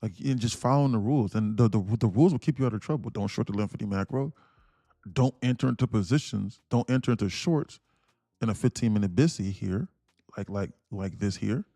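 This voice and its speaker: A man's voice: lowish voice, fast, warm tone, no room sound, studio quality. Emphatic man ranting on a trading stream. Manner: emphatic, repetitive, laughs between points. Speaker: day trader streaming live. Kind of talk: livestream rant and trading commentary.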